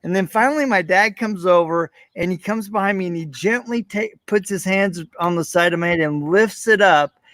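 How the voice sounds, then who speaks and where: A man's voice: high voice, moderate pace, no room sound. A man hosting a podcast interview, telling a personal story and acting out his younger self with rising emotion. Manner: animated storyteller, reenacts childhood moments with rising emotion. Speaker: podcast host.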